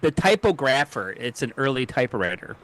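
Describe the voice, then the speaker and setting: A man's voice: mid-range voice, big pitch swings, a little fast, fairly bright tone. A man co-hosting a casual podcast, rambling through a jokey history rundown and fumbling names. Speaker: co-host. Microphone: home mic on a video call.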